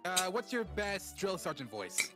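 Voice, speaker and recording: A man's voice: high voice, sing-song, measured pace, over music. A man on a casual group stream who stammers and restarts his sentences. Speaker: stream participant reading episode summaries.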